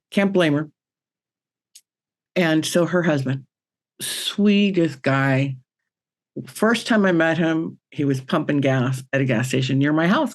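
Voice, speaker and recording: A chatty woman tells a personal story as an interview guest. She talks in an earnest, conversational way. Her speech is full of ums, restarts and asides. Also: deep voice. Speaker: spiritual medium guest.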